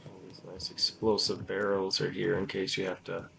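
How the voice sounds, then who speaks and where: A man's voice: low-pitched, completely flat delivery, normal speed, creaky. A man giving offhand, mumbled let's play commentary while he plays. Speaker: gamer. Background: game music.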